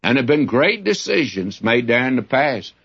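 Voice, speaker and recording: A man's voice: mid-range voice, sing-song, moderate pace, gravelly, a bit bright, slightly rough, dull audio. A man teaching through a Bible passage in a folksy, conversational sermon, with frequent asides to his listeners.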